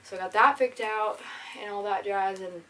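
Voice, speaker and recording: This voice belongs to a young woman vlogging to camera. She talks in a chatty, animated way and slips into other people's voices as she retells her day. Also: medium pitch, normal speed, slight background noise. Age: young adult. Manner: chatty and animated, acts out voices in retold dialogue. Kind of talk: casual storytelling vlog.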